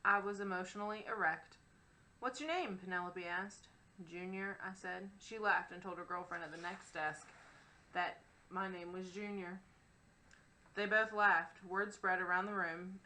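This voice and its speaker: A woman reading a first-person novel aloud as an audiobook narrator, in a wry, expressive storytelling manner. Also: on the low side, normal speed, low-quality recording.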